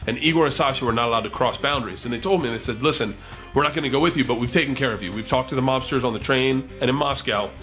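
A man tells a rowdy comic story, swearing freely and acting out every quoted line in a higher, excited voice. His tone is bright and forceful throughout. Faint music plays softly behind him. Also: racing. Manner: profane, excitable, acts out the quotes in raised voices. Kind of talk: animated comic anecdote.

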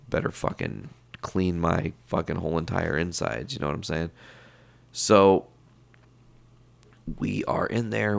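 A young man casually retelling a story in a rambling, profane, animated way. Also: sits low, vocal fry.

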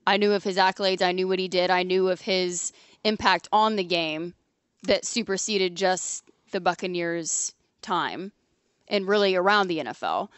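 A woman's voice: fairly low pitch, normal speed, clean tone, dry recording. A woman co-hosting a casual sports panel chat, chatty and upbeat, laughing often. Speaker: sports podcast co-host.

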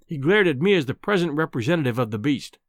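A man narrating an audiobook in an expressive, descriptive storytelling manner. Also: on the high side, quick pace, dry recording, studio quality. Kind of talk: scripted narration.

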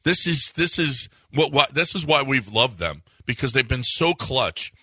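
A man's voice: expressive, measured pace, bright, forceful tone, husky, no echo. A man co-hosting a sports talk radio show, ranting in exasperation with his voice jumping up when he gets worked up. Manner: exasperated, rants with rising pitch.

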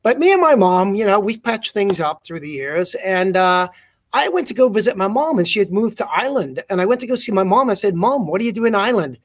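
A man's voice: high voice, expressive, a little fast. A middle-aged man from England with a mixed English, South African and American accent, telling rambling stories as a guest in a casual interview. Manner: rambling, storytelling, self-correcting. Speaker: guest magician. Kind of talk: casual video-call interview.

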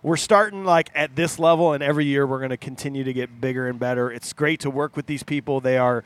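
A man's voice: medium pitch, steady tone, fast, no room sound. A man hosting a casual podcast, rambling through announcements off the cuff. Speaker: podcast host and band member.

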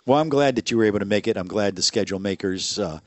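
A man co-hosting a podcast, easygoing and quick to laugh, prompting his partner with questions. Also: fairly low pitch, dry recording. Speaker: podcast co-host. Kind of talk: casual chat.

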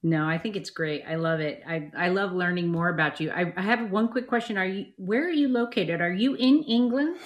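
A woman's voice: on the low side, fairly quick, few pauses. A woman hosting a live online show, talking with gushing enthusiasm about her guests. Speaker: host.

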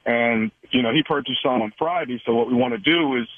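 A man's voice: medium pitch, a little fast, pitched above the performer's own voice, natural voice. A man playing a hesitant store manager on a tinny phone line. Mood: calm. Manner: hesitant, apologetic. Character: polite male store manager caller.

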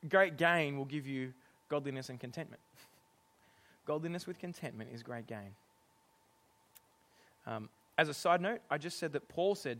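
A middle-aged man preaching a sermon, animated and often laughing as he acts out exasperated lines. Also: mid-range voice.

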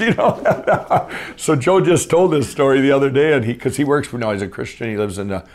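A middle-aged man telling his life story as a guest, rambling and animated, full of fillers and restarts. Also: medium pitch, brisk. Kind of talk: casual storytelling.

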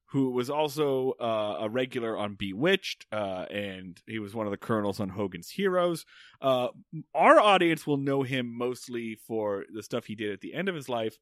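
Lively, bright-voiced man chatting. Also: mid-range voice, dry recording, clean studio sound. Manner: chatty, enthusiastic, many fillers. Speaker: podcast co-host. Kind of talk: casual podcast chat about an old sitcom.

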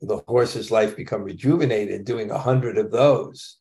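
A man leads a scripture class, his voice pitched a little low and rough with fry. He talks casually, restarting phrases and dropping in chuckling asides as he explains the text. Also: unhurried, a little mellow.

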